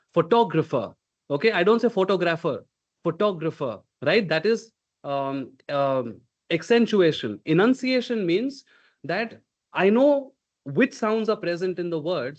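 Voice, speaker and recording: High-voiced coach who says "okay?" a lot. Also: male voice, highs cut off. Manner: emphatic, drills sounds aloud, checks in with "okay?". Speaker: communication coach. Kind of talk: live online workshop coaching.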